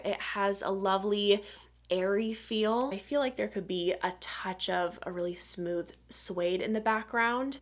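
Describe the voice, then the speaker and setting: A woman reviewing perfumes to camera in a soft, dreamy and descriptive way. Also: medium pitch.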